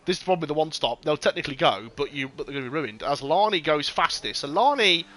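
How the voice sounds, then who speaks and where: A man giving casual, excitable sim racing commentary with lots of banter and swearing. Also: fairly high pitch, quick pace. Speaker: race commentator.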